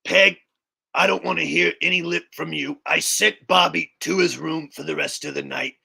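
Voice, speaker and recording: Hank Hill, as a man puts him on, gravelly and stern. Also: a little high, steady tone, moderate pace, pushed and bright, heavily acted. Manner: gruff scolding, fatherly lectures. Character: stern middle-aged cartoon dad, Hank Hill.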